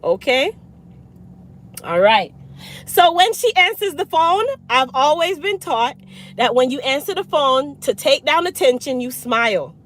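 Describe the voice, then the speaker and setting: High-voiced Jamaican woman telling a story. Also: unhurried. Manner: animated, blunt, slips into patois. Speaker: hair care business owner. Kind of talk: storytime vlog.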